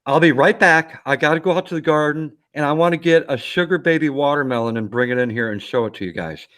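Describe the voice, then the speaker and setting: A man's voice: a little high, quick pace, a bit bright. A man co-hosting a casual live stream, plain-spoken and enthusiastic, often tagging "okay?" onto what he says. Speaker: co-host.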